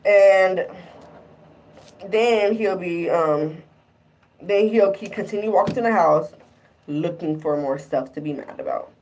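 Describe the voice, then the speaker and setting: A young woman telling a breakup story to camera in a loose, animated way, swearing as she acts out both sides of each argument. Her voice sits a little low, and she sounds somewhat far from the microphone. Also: slow pace, long pauses, a little hiss or hum. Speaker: vlogger. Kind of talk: casual storytelling vlog.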